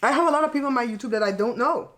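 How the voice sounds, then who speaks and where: A woman's voice: high-pitched, racing. Middle-aged woman, blunt and frank, laughs often, casual chat over a meal. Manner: blunt and frank, plain-spoken with mild cursing; chatty and animated, often laughing. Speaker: channel host. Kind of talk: casual chat while eating.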